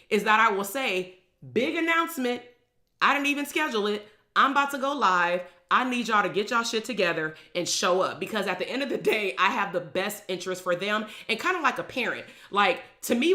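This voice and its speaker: Blunt, emphatic woman coach, bright voice. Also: medium pitch. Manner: blunt, emphatic, swears freely. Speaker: business coach. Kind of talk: live stream talk.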